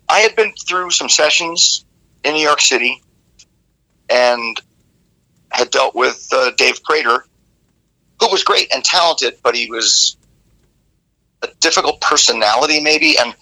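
A rock singer in an interview, telling rambling, animated stories with many restarts. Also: male voice, mid-range voice, rough recording. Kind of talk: casual interview storytelling.

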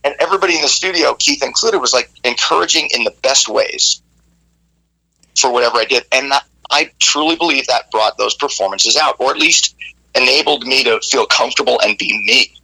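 A rock singer in an interview, telling rambling, animated stories with many restarts. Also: male voice, medium pitch, fairly quick, vocal fry, slightly rough, low-quality recording. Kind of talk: casual interview storytelling.

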